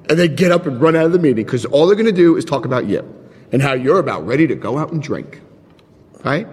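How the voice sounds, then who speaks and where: A middle-aged man giving a recovery talk, telling lively stories with chuckles and frank asides, and reading out passages to explain them. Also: mid-range voice, fairly quick, slightly rough. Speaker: recovery speaker. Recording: reverberant hall.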